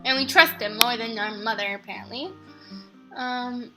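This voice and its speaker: A young woman narrating her let's play of a horror game in a chatty, excitable way, often breaking into her characters' lines. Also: on the high side, moderate pace, music in the background. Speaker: gaming channel host.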